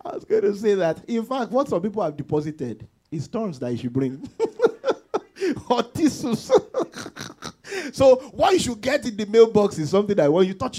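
Animated laughing preacher man. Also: high-pitched. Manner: animated, laughs often, acts out quotes. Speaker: pastor. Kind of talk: sermon.

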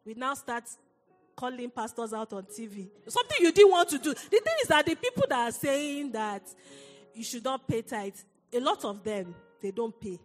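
High-voiced woman preaching with long reverb. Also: normal speed, faint music behind. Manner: animated storytelling, laughing often. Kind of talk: sermon with personal story.

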